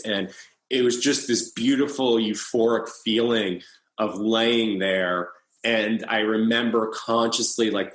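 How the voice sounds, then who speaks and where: A man in his thirties, an interview guest, telling a personal story in a halting way with frequent restarts. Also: on the low side, a bit bright. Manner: halting, with many restarts and fillers. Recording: roomy echo.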